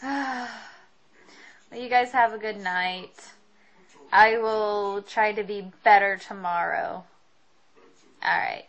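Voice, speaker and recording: A woman's voice: mid-range voice, fairly even intonation, slow pace, long pauses, fairly bright tone, rough recording. A young woman vlogging in a rambling, self-deprecating way, laughing often and apologizing for going on too long. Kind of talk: rambling casual vlog.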